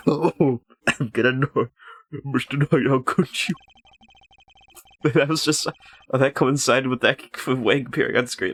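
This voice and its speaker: A man's voice: medium pitch, unhurried, long pauses, fairly bright tone. A man reading game dialogue aloud alongside a streamer, laughing as he goes.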